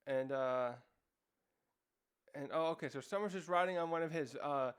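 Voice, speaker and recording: Man, review host, casual recap, higher-pitched, smooth tone, stops often to hunt for words. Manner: rambling, searches for words with many fillers; acts out character lines in quick raised voices.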